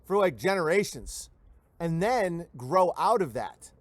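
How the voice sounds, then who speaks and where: A man's voice: a little high, sing-song, unhurried, no room sound. Sardonic ranting male show host. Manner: sardonic, acts out quoted voices mid-sentence. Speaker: livestream show host reading viewer messages. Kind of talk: rambling comedic rant.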